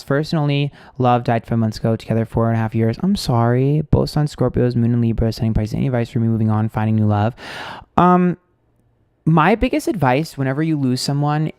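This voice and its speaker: A man's voice: mid-range voice, darkish tone, dry recording, clean studio sound. A man reading tarot on a live stream, chatting casually, blunt and candid, ranting with swearing and lots of fillers.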